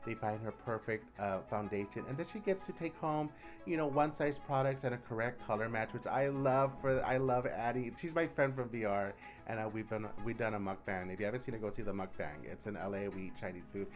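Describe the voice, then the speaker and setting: A young adult man, a drag queen vlogger, telling stories in a sassy, animated way and often squealing into high voices for quotes. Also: fairly quick, soft background music. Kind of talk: casual chatty vlog storytelling.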